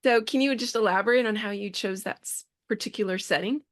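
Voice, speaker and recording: A woman's voice: medium pitch, fast. A woman hosting a podcast, talking in a chatty, enthusiastic way with frequent restarts. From Bay Area, California. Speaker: podcast host. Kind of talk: casual interview.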